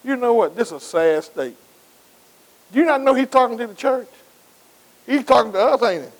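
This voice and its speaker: A man's voice: very high-pitched, lively intonation, moderate pace, poor audio. A male pastor preaching a sermon, asking the congregation rhetorical questions and repeating words as he builds. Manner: call-and-response preaching, frequent rhetorical questions.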